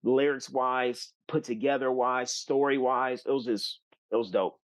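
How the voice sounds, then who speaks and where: A man from California, a guest musician, telling a long story in a loose, animated way with many fillers and restarts. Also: mid-range voice, measured pace. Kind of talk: casual storytelling.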